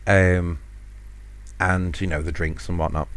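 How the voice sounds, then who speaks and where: This UK podcast host, speaking alone, spins a meandering, self-mocking tale about a holiday, laughing frequently as he goes. His voice sits low, and his tone stays steady at a somewhat slow pace.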